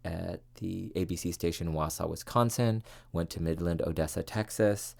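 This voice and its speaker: Deep, gravelly man telling his story. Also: moderate pace, a little mellow. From California, US. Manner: earnest, reflective, with many fillers. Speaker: podcast host, former TV reporter. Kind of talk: personal storytelling monologue.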